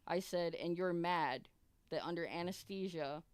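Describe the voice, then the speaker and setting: A woman's voice: lowish voice, unhurried, clear, resonant tone, no echo. A young adult woman streamer telling a long personal story in casual, profane, rambling chat with many restarts.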